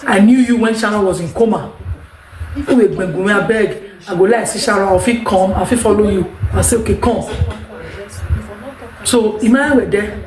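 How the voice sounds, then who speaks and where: A Nigerian woman speaks to her viewers in an unscripted monologue, pressing each point and circling back to repeat herself. Her voice sits at an ordinary middle pitch for a woman, and the room around her adds a noticeable echo. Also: moderate pace, pauses often, a crowd in the background. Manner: emphatic, rambling, repeats herself. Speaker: vlogger. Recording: echoey room.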